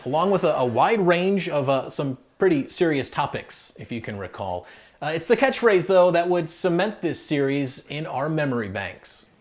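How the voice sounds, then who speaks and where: A man's voice: a little high, big pitch swings, moderate pace, a little hiss or hum. Upbeat man hosting a countdown. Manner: upbeat, chatty with playful asides. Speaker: host. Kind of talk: casual countdown narration.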